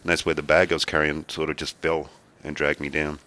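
Very deep-voiced Australian man. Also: level tone, a little fast, pushed and bright. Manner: easygoing, rambling storyteller. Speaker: podcast co-host. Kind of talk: casual chat.

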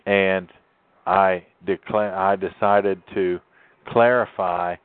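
Emphatic preacher on a tinny phone line. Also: male voice, deep voice, flat delivery, takes it slowly, smooth. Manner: emphatic, sermon-like, drawls key words. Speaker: host and pastor. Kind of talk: preachy radio talk.

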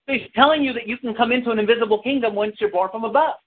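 A man's voice: extremely high pitch, rapid-fire. A man preaching a sermon, calling out to the congregation for responses and telling a story from his childhood. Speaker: pastor. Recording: tinny lo-fi with hiss.

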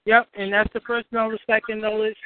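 A woman's voice: fairly high pitch, little pitch movement, fairly quick, dry recording. A woman hosting a call-in show, giving casual advice, often restarting and acting out little dialogues. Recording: tinny phone line.

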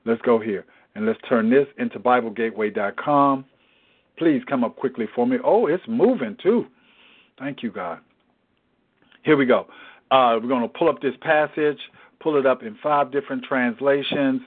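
A man's voice: mid-range voice, normal speed. A man leading a Bible study in a preaching style, emphatic and repetitive in his exhortations. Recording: tinny phone-like sound.

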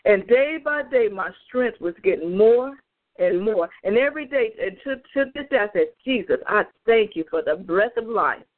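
A woman's voice: medium pitch, expressive, moderate pace. A woman evangelist giving an emphatic, fervent spoken testimony on a prayer call, speaking straight to her listeners over the phone. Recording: tinny phone line.

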